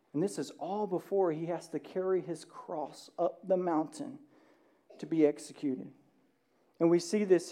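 A man pastor preaching a sermon, animated, swinging between loud emphasis and hushed passages, often asking the room "right?". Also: a little high. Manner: conversational, asks the room "right?".

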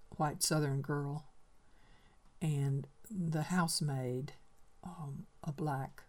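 A woman's voice: low voice, a little mellow. A woman reading literary excerpts aloud and commenting on them in a reflective, hesitant way. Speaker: reader and teacher.

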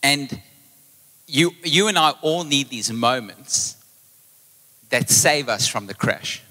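Pastor preaching in reverberant hall. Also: male voice, medium pitch, slow. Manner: storytelling, animated retelling of conversations. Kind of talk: live sermon. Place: church hall.

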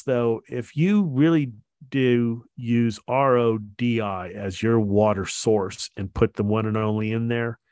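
A man co-hosting a casual podcast, talking in halting stretches with lots of fillers and restarts. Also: medium pitch, a little mellow, no room sound, studio quality. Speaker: podcast co-host.

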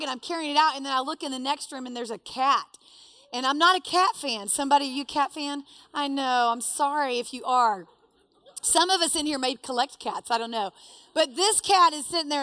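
A woman telling a personal story to a live audience, animated and self-deprecating. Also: high voice, dry recording.

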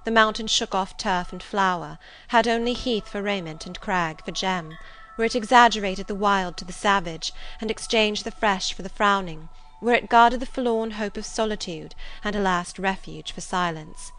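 A woman's voice: mid-range voice, faint music behind, poor audio. Woman narrating a classic novel. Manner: measured, expressive storytelling. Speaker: audiobook narrator. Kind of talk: scripted literary narration.

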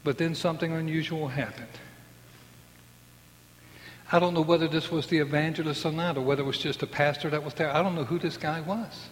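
A man's voice: a little high, fairly even intonation, fairly quick, slight background noise. A man in his sixties giving an earnest personal faith testimony, acting out the voices of people in his story. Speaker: testimony speaker. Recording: long hall reverb.

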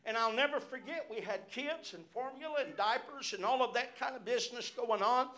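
Very high-voiced, pushed and bright, a middle-aged pastor speaks a little fast while sharing personal stories in his sermon, dotting his phrases with repeated amens.

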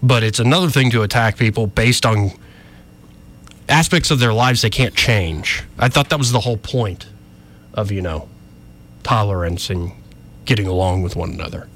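A man hosting a local talk radio show, ranting with a wry, animated manner, in a radio studio. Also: lowish voice, normal speed, pauses often.

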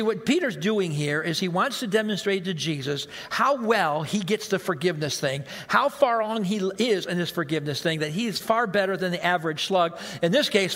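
A man's voice: sits high, a bit bright, big-room sound. A male pastor preaching a sermon in a conversational way, asking the congregation rhetorical questions.

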